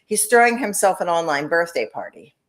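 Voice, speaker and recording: A woman's voice: fairly low pitch, big pitch swings, a little fast. Laughing, swearing woman podcast host. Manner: laughs often, swears, mimics others. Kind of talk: casual chat.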